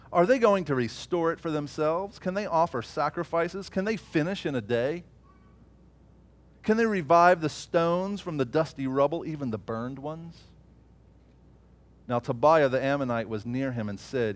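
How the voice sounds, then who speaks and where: A man preaching a sermon, swinging from loud emphatic peaks to low murmured asides. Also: moderate pace.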